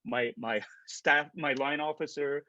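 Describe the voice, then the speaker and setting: The recording is muffled with a little hiss or hum as a middle-aged Canadian actor, guesting on a video call interview, speaks unhurriedly in a high-leaning voice. His casual storytelling is animated, with stammered restarts and acted-out lines of dialogue.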